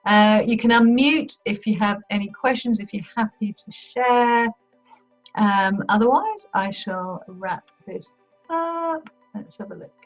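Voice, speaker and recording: A woman's voice: medium pitch, unhurried, soft background music. A woman coach leading a live online masterclass in a chatty, upbeat, informal manner. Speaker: money mindset coach. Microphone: video call. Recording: dull lo-fi video call audio.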